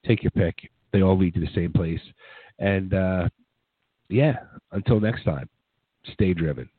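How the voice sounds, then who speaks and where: Man, radio host, hoarse sick voice, very low pitch, rambling, dry phone-like sound. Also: unhurried, dry recording. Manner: rambling, filler-heavy, laid-back. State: hoarse from a cold. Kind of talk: casual radio show wrap-up.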